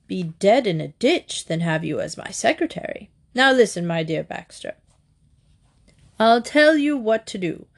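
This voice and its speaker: A woman reading an elderly, muddled aristocrat from a comic storybook, airy and dismissive yet firm. He soothes and scoffs by turns with a lively, rising pitch. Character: vague, resolute elderly English earl.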